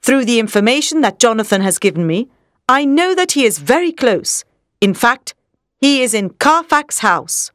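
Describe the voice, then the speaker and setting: Woman narrator, storybook read-aloud, lively, expressive pitch, dry close sound. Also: normal speed, no echo. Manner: clear, expressive reading.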